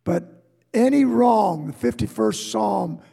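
High raspy preacher in a reverberant hall. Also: male voice, sing-song, takes it slowly. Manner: swings from shouted high rises to hushed low asides. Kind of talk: sermon. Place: church before a congregation.

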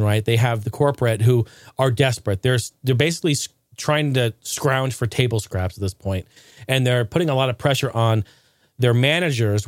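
A man hosting a podcast, talking casually and getting animated, with some swearing when riled up. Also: medium pitch, dry recording, studio quality. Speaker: podcast host.

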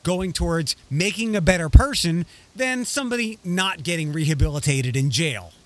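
A man's voice: fairly high pitch, expressive, normal speed, fairly bright tone. A man co-hosting a casual discussion podcast, talking in a rambling way with frequent restarts. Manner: rambling, restarts often, reads news excerpts aloud.

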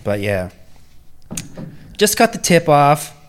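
Animated storytelling man, swearing freely. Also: on the high side, slow, a little hiss or hum. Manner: animated, swearing, acts out quotes in a raised voice. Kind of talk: casual storytelling chat.

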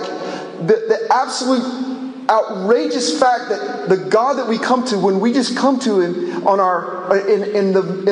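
A man preaching a sermon, impassioned and building with repetition. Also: high voice. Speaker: pastor. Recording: echoey large hall.

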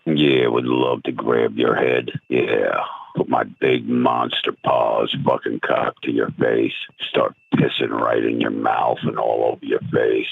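Gross monster voice, super deep and gravelly, flat growl, tinny phone line. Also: male voice, takes it slowly, no echo, full character voice. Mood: menacing. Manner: growling, obscene threats. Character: crude hulking male monster, menacing and lewd.

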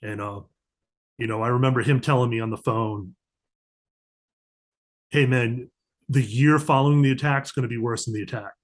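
Man telling war stories, animated. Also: mid-range voice, moderate pace, pauses often. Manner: animated storyteller, acts out quoted dialogue. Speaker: podcast guest, diplomatic security agent. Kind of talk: casual storytelling interview.

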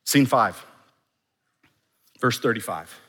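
A man's voice: medium pitch, expressive, takes it slowly, a bit bright, breathy edge. A man preaching a sermon as pastor, emphatic and building in force, with phrases repeated for weight. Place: church sanctuary. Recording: long hall reverb in a church.

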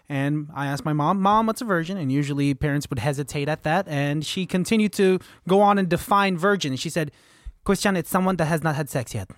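A man's voice: a little high, dry recording, studio quality. Rambling young man, casual podcast chat. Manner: joking, rambling, animated. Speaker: podcast co-host.

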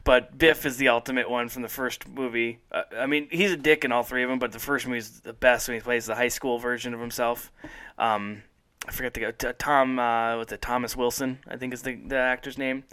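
A man's voice: medium pitch, steady tone, brisk, sharp tone, clean tone. A man hosting a casual podcast chat, rambling enthusiastically and laughing often. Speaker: podcast host.

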